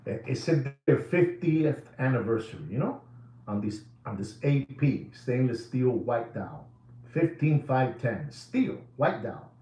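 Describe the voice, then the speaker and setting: A man's voice: mid-range voice, big pitch swings, measured pace, warm tone. Emphatic man in an echoey room. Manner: emphatic, repetitive, mixes in Spanish phrases. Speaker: watch market commentator. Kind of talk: animated price commentary.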